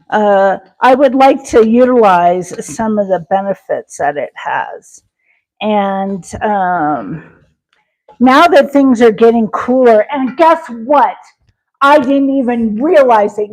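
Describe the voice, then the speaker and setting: A woman from Wyoming hosts a cooking livestream, chatting casually and answering viewer comments with folksy sayings and lots of fillers. Her voice is on the high side and a little mellow, and the audio is poor.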